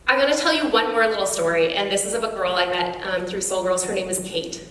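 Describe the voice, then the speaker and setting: A woman's voice: medium pitch, fast talker, a little hiss or hum. A woman guest speaker gives an earnest, encouraging motivational speech to an audience at a girls' sports awards, talking to them directly. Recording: echoey hall from far off.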